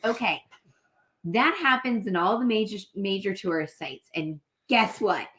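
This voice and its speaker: A woman's voice: mid-range voice, a little slow. A woman co-hosting a casual live travel chat, telling stories with lots of laughter. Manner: animated storytelling, laughs often.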